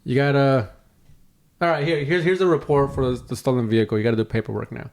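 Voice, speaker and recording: A man's voice: medium pitch, fairly even intonation, quick pace, a little mellow. A young man co-hosting a podcast, telling a long story in a casual chat, swearing often and acting out the voices of the people in it. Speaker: podcast co-host.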